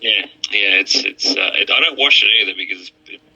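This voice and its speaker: A man's voice: lowish voice, fairly quick, gravelly, sharp tone, husky. A man chatting crudely as a podcast guest, often stammering and restarting. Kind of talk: casual podcast chat. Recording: lo-fi muffled mic.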